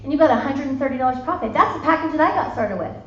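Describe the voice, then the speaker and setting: A woman in her thirties giving a chatty, bubbly sales pitch to a live audience, calling them "you guys". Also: lively intonation, racing, a bit bright. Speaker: sales presenter. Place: meeting room with an audience. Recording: echoey, dull lo-fi room recording.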